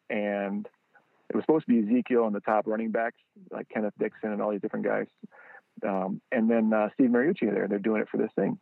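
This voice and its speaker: Founder guest, male, low gravelly voice, animated storyteller, dry phone-line sound. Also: dry recording. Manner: animated storyteller, acts out quotes in a higher voice. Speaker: guest, football training product founder. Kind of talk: casual storytelling interview. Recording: tinny phone-line audio.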